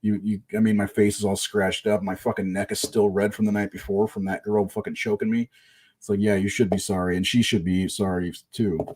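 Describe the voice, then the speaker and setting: A man's voice: lowish voice, little pitch movement, brisk, a little mellow, slight background noise. A middle-aged man casually telling a long personal story, rambling and swearing, with restarts.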